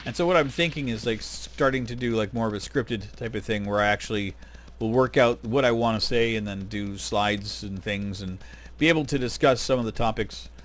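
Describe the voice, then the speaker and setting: A man's voice: on the low side, brisk, a bit bright. A man hosting his gaming channel, talking casually and rambling with lots of fillers while he plays. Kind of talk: casual gameplay commentary.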